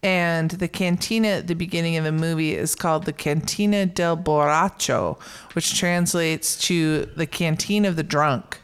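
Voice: mid-range voice, moderate pace, clear, resonant tone. A podcast co-host chatting about a film, telling anecdotes and acting out quoted lines. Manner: animated storyteller, acts out quoted lines. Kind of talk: casual film discussion.

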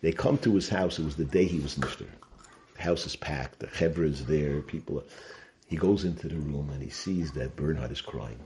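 Guy w a really low voice giving a torah talk, tells stories, drops yiddish words. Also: normal speed, warm tone, slight background noise. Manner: storytelling, sprinkles Yiddish and Hebrew terms. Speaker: Torah teacher.

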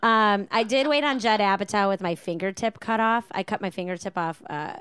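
A woman's voice: medium pitch, a little fast, clear, resonant tone. A woman telling stories in casual podcast chat, often acting out the people in them. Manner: animated storyteller who acts out customers.

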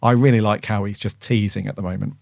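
A man's voice: fairly low pitch, fairly even intonation, fast talker, gravelly, a little mellow, no echo, clean studio sound. A man co-hosting a podcast, chatting casually and giving his opinions with lots of fillers. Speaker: podcast co-host. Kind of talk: casual chat.

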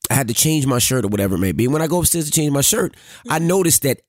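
A man's voice: mid-range voice, lively intonation, fast, dry recording, studio quality. A man co-hosting a podcast, casually telling a family story and swearing freely. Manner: storytelling, acts out quoted dialogue, swears freely. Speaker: podcast co-host. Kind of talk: casual chat.

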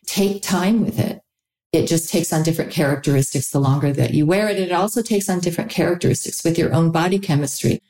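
A woman who founded a perfume brand, answering interview questions in a calm, measured, explanatory way. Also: lowish voice. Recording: echoey room.

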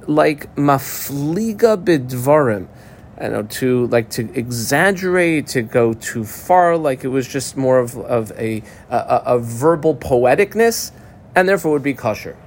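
A man's voice: fairly high pitch, a little hiss or hum. A man teaching a Talmud lesson in a casual, chatty way, explaining and translating terms with many fillers and restarts.

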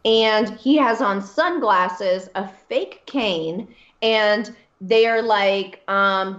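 A woman's voice: medium pitch, slow pace, fairly bright tone. A woman guest in an interview, telling a personal story in a candid, emphatic way and repeating phrases for stress. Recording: roomy, dull lo-fi sound.

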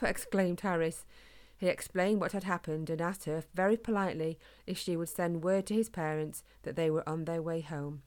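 A woman reading a children's storybook aloud in a calm, gentle, steady way. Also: lowish voice, moderate pace. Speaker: narrator.

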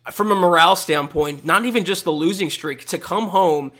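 A man with a fairly high voice co-hosts a sports podcast. He talks casually but states his opinions firmly and with emphasis. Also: moderate pace, fairly bright tone. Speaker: podcast co-host.

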